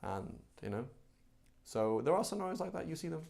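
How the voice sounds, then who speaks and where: A man's voice: on the high side, very animated, brisk, gravelly, darkish tone. A man teaching a live class on religious law in a casual, chatty way, full of asides and rhetorical questions.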